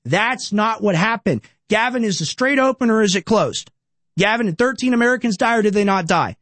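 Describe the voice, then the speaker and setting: Young male host, high voice, dry mic, emphatic ranting commentary with stacked rhetorical questions. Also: animated, fairly quick, fairly bright tone, no echo. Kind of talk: opinionated political commentary.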